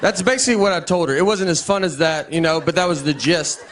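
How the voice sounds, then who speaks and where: Male stand-up comic, somewhat high voice, dry and meandering delivery, faint noise in the background. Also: fast. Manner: deadpan, rambling, restarts his sentences. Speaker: stand-up comedian. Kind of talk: stand-up set before a laughing audience.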